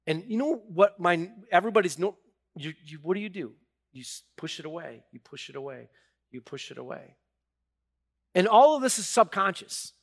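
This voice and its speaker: A middle-aged man, a pastor preaching a sermon, who swings from hushed confession to loud, rising emphasis and halts and repeats words when moved. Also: a little high.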